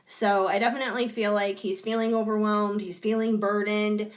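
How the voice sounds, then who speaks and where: A woman giving a chatty live-streamed tarot reading, her voice hoarse from hours of talking. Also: mid-range voice, flat delivery, normal speed. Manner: chatty, reassuring, apologetic asides. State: hoarse, clearing her throat. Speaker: tarot reader.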